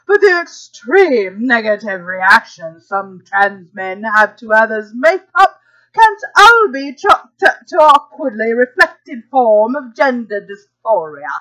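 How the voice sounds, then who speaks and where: A woman hosts a casual live stream and reads an article aloud to her chat. Her voice sits high and bright. She takes her time with the words and drops into relaxed asides between passages. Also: slow pace, low-quality recording. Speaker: podcast host reading an article aloud.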